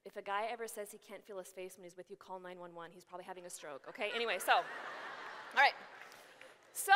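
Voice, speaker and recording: A woman who is a religious sister, giving a humorous keynote talk and telling stories in a lively, animated way. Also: medium pitch, quick pace. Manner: lively, animated storyteller acting out voices. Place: large conference hall. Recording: echoey large hall.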